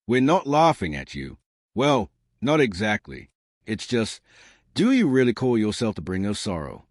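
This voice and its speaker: A calm, good-humored woman admiral who talks mildly and reasonably, as a male narrator reads her lines. The voice is low and moves widely in pitch. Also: normal speed, dry recording, studio quality. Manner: mild, reasonable.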